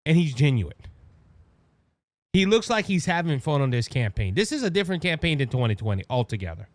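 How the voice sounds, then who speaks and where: A man with a Cajun Louisiana accent hosting his own show, giving animated, mocking political commentary full of restarts and asides. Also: fairly high pitch, a little fast, dry recording. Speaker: podcast host.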